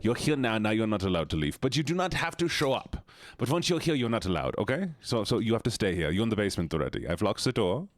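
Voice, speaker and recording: A man's voice: fairly low pitch, sing-song, fast, no room sound, clean studio sound. Playful male streamer with put-on accents. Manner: playful, jokey, keeps slipping into put-on accents and silly voices. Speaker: livestreamer. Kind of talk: casual live-stream chat with viewers.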